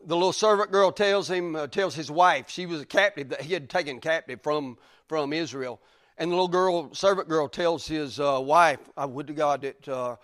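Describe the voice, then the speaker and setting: Male preacher, high-pitched, bright and dry, chatty storytelling sermon. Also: dry recording. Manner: folksy, conversational, acts out characters' lines.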